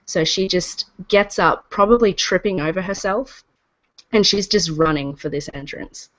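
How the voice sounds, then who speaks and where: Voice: medium pitch, moderate pace, a bit bright, muffled recording. A player describing a character's actions in a tabletop game, hesitant and restarting phrases.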